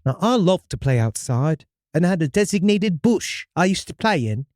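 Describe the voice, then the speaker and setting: A man's voice: a little high, sing-song, normal speed, a little mellow, no echo, studio quality. A man putting on an English-accented storyteller. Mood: spooky storytelling. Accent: put-on English accent. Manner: storyteller, slipping into dramatic outbursts. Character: man telling a childhood Mothman sighting. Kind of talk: reading a listener story aloud.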